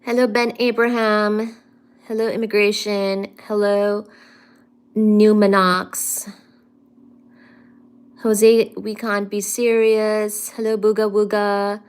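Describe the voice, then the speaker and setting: A woman's voice: medium pitch, flat delivery, takes it slowly, pauses often, clear, resonant tone. A woman hosting a casual science live stream from home, playfully greeting viewers, reading their comments aloud and calling them darling. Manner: affectionate, calls viewers "darling".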